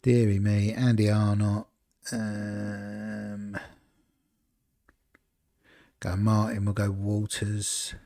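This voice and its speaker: A man with a fairly low voice talks his way through a football management game on a live stream. He rambles in a relaxed, chatty way, musing aloud over team picks and breaking off to greet his viewers. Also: extremely slow, long pauses. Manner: rambling, chatty, talks to chat between choices. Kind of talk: casual live-stream commentary.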